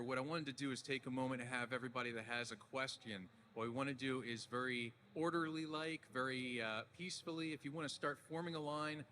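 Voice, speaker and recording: A man moderating a convention panel, asking questions and calmly directing the audience into an orderly line. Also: mid-range voice, slight background noise. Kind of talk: hosting a convention Q&A.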